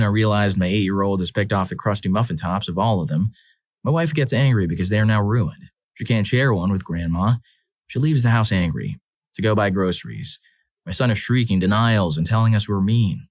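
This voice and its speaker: A man reading first-person stories aloud as a channel narrator, in a measured, earnest way. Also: lowish voice, no room sound, clean studio sound.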